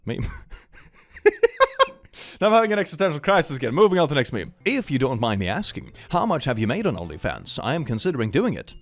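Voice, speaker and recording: Guy at home riffing on memes, super animated, goofy and joking around. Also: mid-range voice, fast. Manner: animated and jokey, laughs often, drops into silly voices. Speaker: YouTuber reading memes. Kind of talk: casual commentary on memes.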